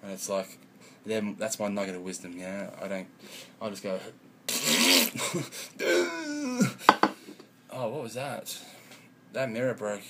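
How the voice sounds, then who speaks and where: A man's voice: fairly low pitch, steady tone, moderate pace, heavy background noise. A man rambling in a profane vlog monologue at home, often mumbling.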